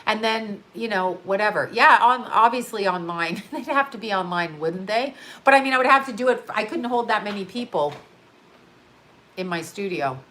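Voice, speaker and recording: A tired woman chats loosely on a livestream from her home studio, replying to viewer comments as they come in. She rambles and drifts between thoughts, and she is blunt and quick to swear. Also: mid-range voice, expressive, a bit bright. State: tired, yawning. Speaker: astrologer and livestream host. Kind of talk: casual livestream chat reading viewer comments.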